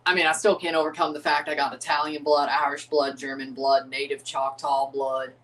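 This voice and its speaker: A man's voice: medium pitch, level tone, fairly quick, sharp tone, distant mic. An American man, chuckling and rambling through casual live commentary while reacting to a soccer match. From United States.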